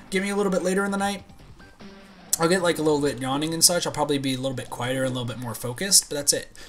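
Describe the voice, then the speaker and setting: A man live-streams a game and chats with his viewers in a loose, goofy ramble. His voice swings widely and readily jumps into excited yelps. Faint music plays behind him. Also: on the high side. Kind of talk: live gameplay commentary.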